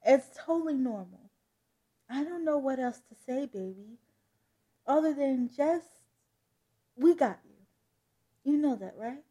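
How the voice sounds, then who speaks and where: A woman reading as a soothing, gentle mom. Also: high-pitched, lively intonation, slow pace, pauses often. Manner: soft, reassuring. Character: gentle, soothing adoptive mother. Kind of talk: comic book read-aloud.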